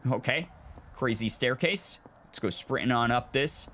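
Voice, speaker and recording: A young man hosting a gameplay video, thinking aloud in an animated and reflective way as he plays. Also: medium pitch, measured pace. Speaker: gaming video host. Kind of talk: let's play commentary.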